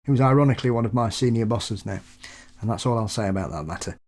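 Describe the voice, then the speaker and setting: An English man co-hosts a podcast, chatting casually, laughing often and acting out voices as he tells anecdotes. His voice is on the low side and darkish, and he speaks fast.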